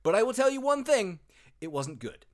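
A man hosting a casual podcast chat, animated and quick to laugh, with some swearing. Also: high voice. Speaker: podcast host.

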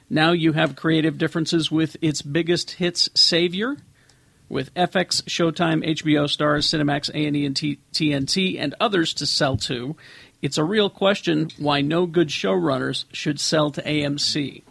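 A man with a slightly high, gravelly voice reads out quoted statements during a casual podcast chat. The sound is close and dry, with no room around it. He moves briskly through the quotes. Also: fairly bright tone, no echo. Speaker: podcast co-host.

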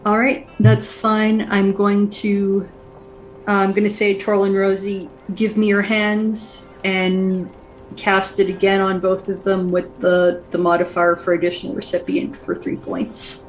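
Woman, tabletop player, brisk and commanding, faint music behind. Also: medium pitch, level tone, rough recording. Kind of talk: tabletop role-play session.

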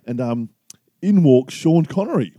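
A man's voice: on the high side, animated, measured pace, dark tone, dry recording. A middle-aged Australian man co-hosting a podcast in casual chat, an easygoing storyteller spinning a yarn. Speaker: podcast co-host.

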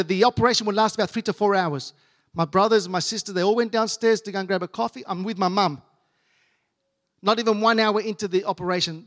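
A man preaching a personal testimony in a fairly high voice. He swings from hushed, soft passages to loud, declaiming runs. It sounds like a sermon told from the pulpit. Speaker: pastor.

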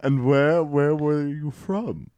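A male podcast host in a casual comedic chat, excitable and laughing often, quick to push back on the others. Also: fairly high pitch, no echo.

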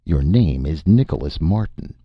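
A man's voice: a bass voice, lively intonation, normal speed, slightly rough, no room sound, muffled recording, full character voice. A man reading as a pompous tipsy robot. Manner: pedantic, slurring after the jolt.

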